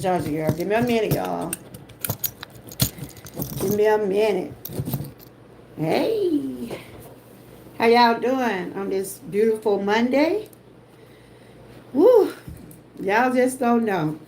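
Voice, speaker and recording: A woman's voice: medium pitch, darkish tone, a little hiss or hum. A woman with a Southern US accent hosting a casual livestream, emotional and effusive as she greets the people in her chat. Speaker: host.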